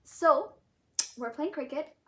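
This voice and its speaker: A young woman with a high voice co-hosts a casual podcast. She tells stories with energy, acting out what each person said and laughing along the way. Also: slow pace. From Canada. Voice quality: animated, acts out quoted voices, laughs while telling. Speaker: podcast co-host. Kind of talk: casual storytelling chat.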